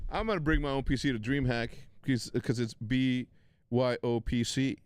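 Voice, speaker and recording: A man's voice: mid-range voice, moderate pace, clear, resonant tone, dry recording. A man in his forties, a native Spanish speaker, hosting a watch-party stream in loose, rambling casual chat. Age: 40s. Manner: loose, rambling, swears, repeats words.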